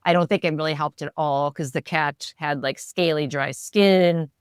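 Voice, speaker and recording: A middle-aged woman chatting on a podcast with a wry, opinionated edge. Her voice is very low and smooth, recorded dry and close. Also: normal speed, dry recording. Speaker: podcast co-host. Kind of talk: casual chat.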